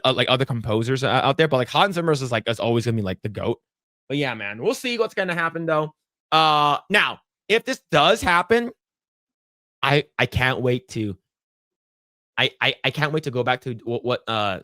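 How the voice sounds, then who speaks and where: A man hosting a casual podcast chat, swearing freely and acting out quotes in a loud, high voice. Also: no echo, clean studio sound. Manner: animated, profane, acts out quotes in a loud high voice. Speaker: podcast host.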